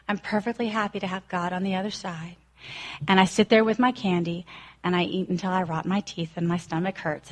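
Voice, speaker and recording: A woman in her forties telling her personal recovery story in an earnest way, acting out quoted voices as she goes. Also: mid-range voice. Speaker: recovery speaker.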